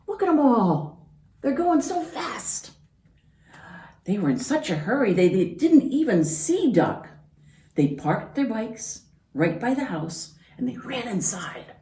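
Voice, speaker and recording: A woman's voice: fairly high pitch, big pitch swings, slow, warm tone. A woman librarian reading a picture book aloud to children, pointing out the pictures as she goes. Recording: roomy, from far off.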